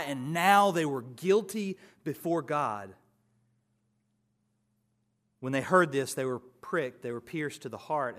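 Guy preaching a sermon, bit high voice, swells loud then goes quiet. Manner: builds to loud emphatic contrasts, then drops low.

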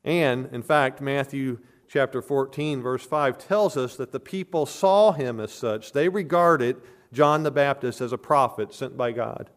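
A man's voice: mid-range voice, a little slow, hardly any pauses. A man preaching an expository sermon as a pastor, earnest and emphatic, hammering home points with repeated phrases.

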